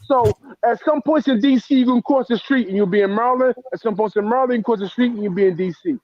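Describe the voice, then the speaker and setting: A man with a strikingly high voice, telling his story bluntly and with heat as a guest on a talk show. The sound is dry and close, with a dull, lo-fi edge. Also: fast talker, no echo. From the Bronx, New York. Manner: blunt and profane, heated, emotional. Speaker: guest author. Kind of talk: casual interview storytelling.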